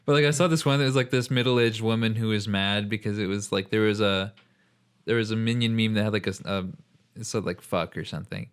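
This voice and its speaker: A man's voice: on the low side, fairly even intonation, fast, smooth. A young man on a podcast, chatting casually and rambling with lots of fillers. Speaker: podcast co-host. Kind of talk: casual chat.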